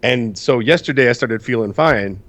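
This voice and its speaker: Congested male co-host, profane and animated. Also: medium pitch, moderate pace. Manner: profane, ranting, animated storytelling. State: congested from sinus issues. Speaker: podcast co-host. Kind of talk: casual podcast chat.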